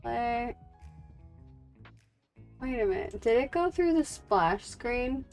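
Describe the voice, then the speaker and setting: A woman's voice: on the high side, animated, takes it slowly, darkish tone, faint music behind. A woman streamer chatting casually while gaming, rambling through stories and laughing easily.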